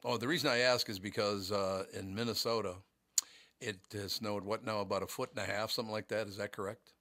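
A man's voice: on the low side, steady tone, fairly quick, sharp tone, dry recording, clean studio sound. A man hosting a radio show in a casual, joking, rambling way.

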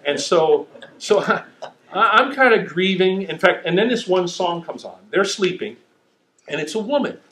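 A middle-aged man preaching a sermon, telling stories in an animated, self-mocking way. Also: sits high, unhurried, reverberant, poor audio. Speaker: pastor.

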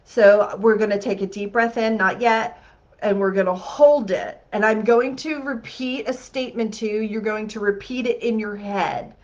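A woman's voice: mid-range voice, fairly even intonation, moderate pace, lo-fi sound. A woman hosting a healing masterclass. She talks the group through an exercise in an upbeat, chatty way and often checks in with "okay?".

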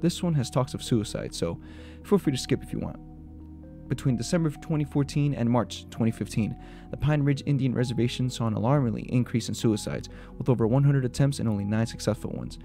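A man's voice: medium pitch, vocal fry. A man hosting a video that retells urban legends, jumping between spooky storytelling and joking reactions. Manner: quick, mixes spooky retelling with joking asides. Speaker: video host. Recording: soft music behind the voice.

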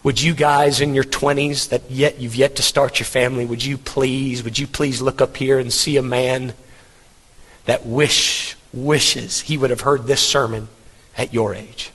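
Middle-aged pastor, earnest and emphatic sermon delivery, mid-pitched, long hall echo. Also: male voice, flat delivery, measured pace, fairly bright tone, husky. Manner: earnest, emphatic preaching with repetition. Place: church hall.

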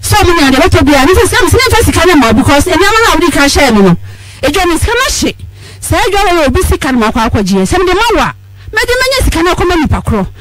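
A woman's voice: very high-pitched, sing-song, racing, fairly bright tone, low-quality recording. A Ghanaian woman calling in to a radio show, telling her story in a tearful, pleading way that rises into outbursts. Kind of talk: emotional phone-in testimony.

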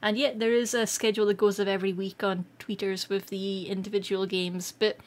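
A Scottish woman streaming live, chatting casually with viewers, excitable and quick to laugh. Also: medium pitch. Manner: excitable and giggly, laughs often. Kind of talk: casual livestream chat.

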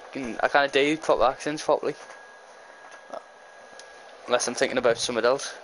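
A man's voice: medium pitch, steady tone, a little fast, fairly bright tone, slight background noise, poor audio. A man with a Liverpool accent chatting casually while gaming, swearing bluntly through his banter.

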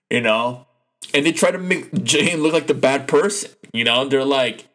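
A man hosting a casual solo podcast, rambling loosely with lots of fillers, restarts and swearing, and getting animated when he is indignant. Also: medium pitch, brisk. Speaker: podcast host.

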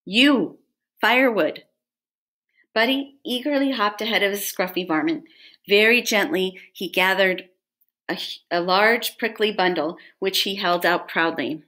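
A woman reading a storybook aloud to children as a teacher, pausing to ask her listeners questions. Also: medium pitch, pushed and bright.

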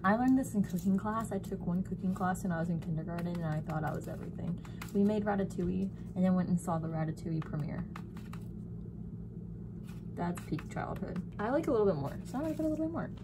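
A woman's voice: lowish voice, brisk. A young woman vlogging in a chatty, rambling way with jokey asides. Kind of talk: casual vlog chat. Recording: noisy handheld home recording.

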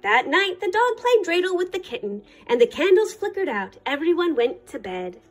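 A woman reading a picture book aloud to children for a library storytime, with an expressive delivery. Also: very high-pitched, moderate pace, faint music behind.

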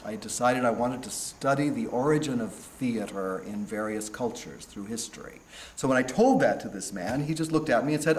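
A man from California with an American accent, recounting his path into stage acting in an unhurried, reflective way, often restarting and trailing off. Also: mid-range voice, animated. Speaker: stage actor being interviewed. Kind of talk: reflective storytelling interview. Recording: roomy echo, faint background noise.

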